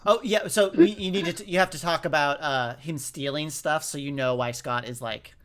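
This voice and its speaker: Animated man recapping a movie. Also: a little high, normal speed. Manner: animated, acts out movie lines. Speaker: podcast co-host. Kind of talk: casual movie recap chat.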